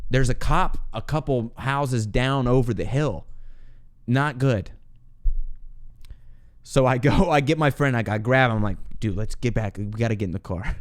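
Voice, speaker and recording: A young man hosting a podcast, telling a long personal story in a casual, animated way, laughing often and acting out what he said back then. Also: mid-range voice, smooth. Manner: animated, laughs often, acts out his own past lines. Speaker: podcast host.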